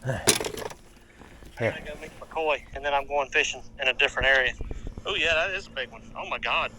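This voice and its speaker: A man's voice: mid-range voice, fairly quick, pushed and bright, slight background noise. A man chatting casually with another angler over a phone video call, joking and teasing. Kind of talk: casual chat between anglers.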